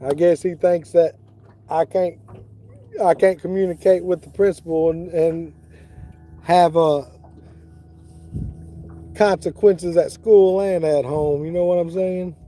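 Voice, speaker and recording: A middle-aged man talks in a relaxed, easygoing way, greeting viewers by name as he streams live from a fishing boat. His voice sits fairly high for a man yet sounds warm and mellow. The sound is open, the way it is outdoors on the water. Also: slow pace, long pauses. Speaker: fishing livestreamer. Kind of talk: casual live-stream chat.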